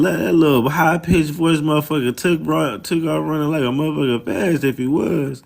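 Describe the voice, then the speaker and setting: A man's voice: a little high, moderate pace, creaky, few pauses. A man with a Southern US accent, hosting a loose, mocking, profane livestream and talking casually. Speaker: livestream host.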